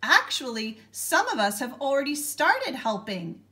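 A woman reading a storybook aloud, voicing an eager young schoolgirl who speaks brightly and earnestly. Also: high-pitched, sing-song, a little slow, voice pushed up, exaggerated voice. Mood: proud.

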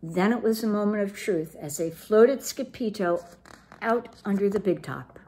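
A woman reading a children's picture book aloud in an animated, playful way. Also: medium pitch, moderate pace, a little hiss or hum. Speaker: children's storytime reader.

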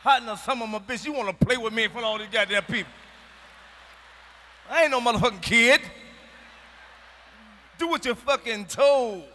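A man doing a stand-up routine on a large arena stage, loud, profane and emphatic, with bursts of shouting. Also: very high-pitched, normal speed, pauses often, in a large hall. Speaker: stand-up comedian.

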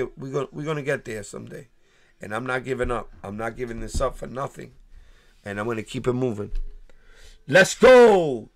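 Giving heartfelt shout-outs to viewers, a New York man hosts a casual sneaker livestream, often restarting his words. His voice sits at a medium pitch.

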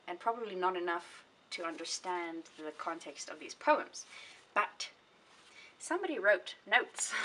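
A woman's voice: fairly low pitch, a bit bright. A young woman vlogging about her books in a rambling, chatty way, often correcting herself mid-sentence. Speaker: book vlogger. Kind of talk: casual chat. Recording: voice a bit distant from the mic, faint hiss.

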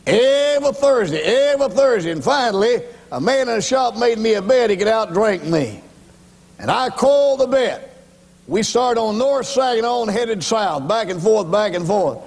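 A man's voice: high voice, lively intonation, moderate pace, creaky. Dramatic preacher man in echoey hall. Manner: dramatic storytelling, acts out voices; emphatic, addresses congregation directly. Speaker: evangelist preacher. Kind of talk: sermon testimony.

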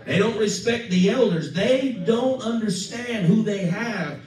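A man's voice: sits high, expressive, measured pace, a little mellow. A male pastor preaching an emphatic sermon, calling for amens and acting out quoted voices. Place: church sanctuary. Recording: echoey church from far off.

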